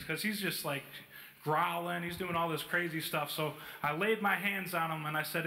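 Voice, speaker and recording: A man's voice: a little high, steady tone, moderate pace, gravelly, sharp tone. A man preaching in a church, telling a story casually with many fillers. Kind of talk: sermon storytelling. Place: church hall. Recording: echoey church hall.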